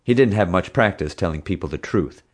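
Deep, expressive male audiobook narrator. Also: a little fast, husky. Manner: expressive, dramatic.

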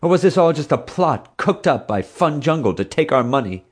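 Man playing an indignant young groom, high and loud, demanding answers, audiobook. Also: very animated, moderate pace, slightly rough. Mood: outraged. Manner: indignant, raised voice.

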